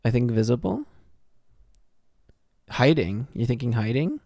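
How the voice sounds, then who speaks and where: A man's voice: mid-range voice, lively intonation, unhurried, mellow, no echo, clean studio sound. A young man live-streaming a horror game, thinking aloud and joking as he works through puzzles. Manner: talks to himself while puzzling things out, joking. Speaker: gaming streamer. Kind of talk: casual live game commentary.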